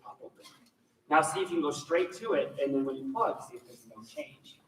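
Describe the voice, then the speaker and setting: A man directing a choir rehearsal, giving energetic coaching instructions and demonstrations to the singers. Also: on the high side, brisk, very noisy. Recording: echoey room, mic far off, faint ambience.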